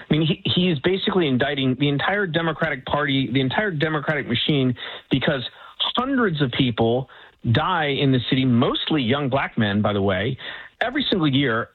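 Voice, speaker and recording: An indignant male guest heard over a thin, phone-like line, his voice a bit husky. He talks in halting bursts full of restarts. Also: on the high side. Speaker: guest commentator. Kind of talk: political talk commentary.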